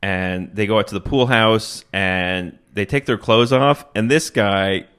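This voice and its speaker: A middle-aged man, a stand-up comedian, retelling a movie plot to a friend in a crude, animated way and acting out the characters' lines. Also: lowish voice, a little slow, clean tone. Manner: crude, animated storytelling with acted-out quotes. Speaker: stand-up comedian and podcast host.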